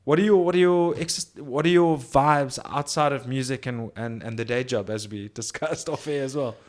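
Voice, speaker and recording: A man hosts a podcast in an easygoing, rambling chat. His voice sits at an ordinary mid pitch, and he drops casual swears as he goes. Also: moderate pace. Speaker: podcast host.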